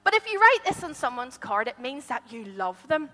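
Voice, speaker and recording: A woman voicing a calm mother who patiently explains things to her little daughter. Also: high voice, normal speed, exaggerated voice. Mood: reassuring. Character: calm, reassuring mother of a young girl. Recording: long hall reverb.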